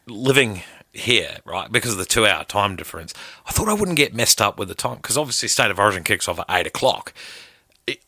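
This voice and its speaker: Lively Australian man, bright voice. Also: fairly low pitch, dry recording, studio quality. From Queensland, Australia. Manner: chatty, quick to laugh, keeps interrupting. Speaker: breakfast radio co-host. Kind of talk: casual on-air banter. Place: radio studio.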